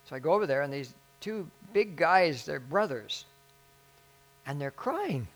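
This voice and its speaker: A male pastor tells a story from the pulpit in a relaxed, conversational sermon style. He pokes fun at himself and slips into the voices of the people he describes. His voice sits a little high for a man. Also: unhurried. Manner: conversational, self-deprecating, acts out the people in his stories.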